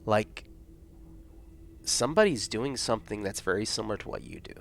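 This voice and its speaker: A man's voice: fairly low pitch, expressive, normal speed, slight background noise. A man narrating as game master in a tabletop game, rambling and often searching for words.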